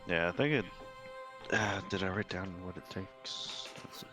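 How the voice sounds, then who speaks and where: A man's voice: low-pitched, normal speed, music in the background. A man playing a tabletop game, mumbling while checking his notes. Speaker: player.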